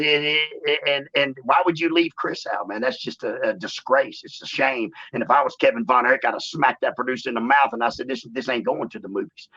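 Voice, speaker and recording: A man, telling stories in a shoot interview in a drawling, animated way and saying "man" often. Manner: animated storyteller, acts out quotes in a higher voice. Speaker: interview guest, former wrestler. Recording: dull lo-fi sound.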